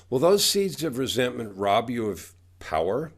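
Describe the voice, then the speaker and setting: A man's voice: medium pitch, very animated, measured pace. Guy in his 60s, coach on a podcast, punchy and preachy, hammers the same lines over and over. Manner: emphatic, preachy, repeats catchphrases. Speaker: guest, author and coach. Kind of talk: motivational podcast interview.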